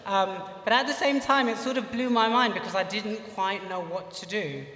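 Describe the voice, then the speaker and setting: A man's voice: high voice, moderate pace, bright, forceful tone. Chatty British man telling stories on stage. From United Kingdom. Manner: chatty, funny, says "you know" a lot. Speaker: speaker at a live lecture. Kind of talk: personal storytelling talk. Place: lecture hall on stage. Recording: echoey hall from far off.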